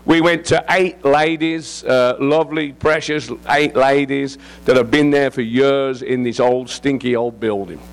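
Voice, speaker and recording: A man's voice: medium pitch, steady tone, unhurried, few pauses. A middle-aged English man, a visiting missionary preacher giving an informal sermon, joking and rambling as he goes. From England. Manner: joking, rambling, laughs often.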